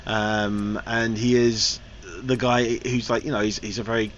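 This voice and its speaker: A man's voice: lowish voice, flat delivery, measured pace. A man giving a casual, frank spoken film review, his sentences loose and wandering. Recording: slightly dull recording with faint hiss.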